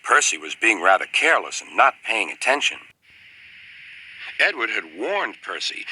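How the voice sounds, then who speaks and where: An older man narrating a children's story in a wry, expressive storytelling manner. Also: fairly low pitch, normal speed, a little hiss or hum, poor audio. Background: loud music.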